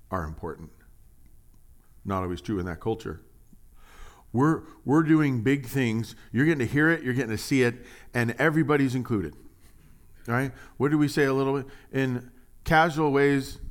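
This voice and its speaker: Animated joking male pastor. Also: mid-range voice, unhurried, long pauses. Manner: animated, joking, swings from hushed to loud emphasis. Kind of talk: conversational sermon.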